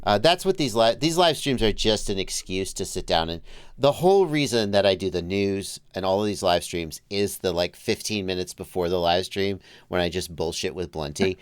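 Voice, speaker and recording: A man who grew up in Georgia hosting a livestream, chatting casually, laughing easily and trailing off quietly. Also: low voice, expressive, normal speed, clean tone, dry recording, clean studio sound. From Georgia, US South. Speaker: livestream host. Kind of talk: casual chat.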